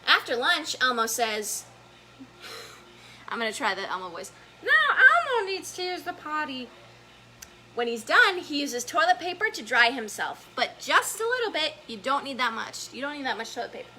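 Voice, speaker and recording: A woman reading a picture book aloud to children as a story time educator, chatty and gentle, stopping to point at the pictures. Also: fairly high pitch, very animated, moderate pace, slight background noise.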